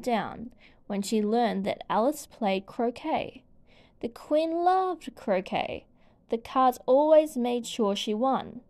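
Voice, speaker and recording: Woman storybook narrator; unhurried, clear, slightly high-pitched read-aloud. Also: expressive. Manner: slow, gentle, clear reading.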